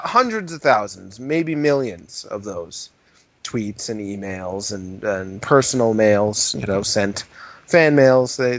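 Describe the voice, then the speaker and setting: A man co-hosting a comedy podcast with teasing, incredulous banter, recorded as dry, dull lo-fi podcast audio. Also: medium pitch. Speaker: podcast co-host.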